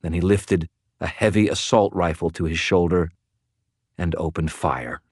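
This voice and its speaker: A man narrates a first-person audiobook with a deep, low voice. His telling is dramatic and wry. The recording is close and dry. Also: a little slow, no room sound.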